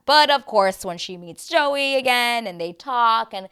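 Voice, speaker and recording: A woman in her thirties giving a chatty, animated recap, breaking into playful voices when she quotes people. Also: medium pitch, moderate pace, few pauses, clean tone. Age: 30s. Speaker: host. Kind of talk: casual recap chat.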